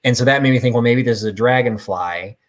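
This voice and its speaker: A man's voice: medium pitch, fast. A middle-aged man hosts a live sale in a chatty, rambling, self-deprecating way. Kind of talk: casual live-stream selling.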